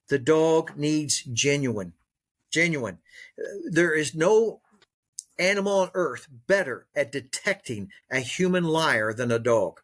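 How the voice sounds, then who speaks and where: A man's voice: on the high side, fairly bright tone. Emphatic man coaching dog owners. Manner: emphatic, repeats key words for stress; coaching, teacherly. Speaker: dog trainer and author, guest. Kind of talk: podcast interview.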